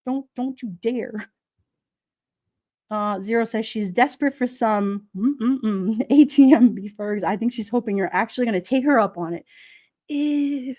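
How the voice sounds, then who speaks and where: A woman's voice: on the high side, a little slow, dark tone, dry recording, studio quality. A woman streamer chatting casually on a livestream, reading out comments in a blunt, sassy, gossipy way.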